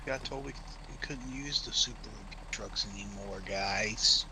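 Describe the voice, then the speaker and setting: A man's voice: on the low side, unhurried, noisy background. A man on voice chat during a multiplayer game, giving matter-of-fact tips. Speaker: co-player. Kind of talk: casual voice chat.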